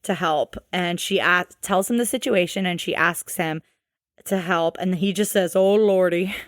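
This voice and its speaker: A woman co-hosting a podcast, recapping a show in casual chat, animated and swearing freely. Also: on the low side, moderate pace, dry recording, studio quality. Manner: animated, swearing, acts out quotes. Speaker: podcast co-host.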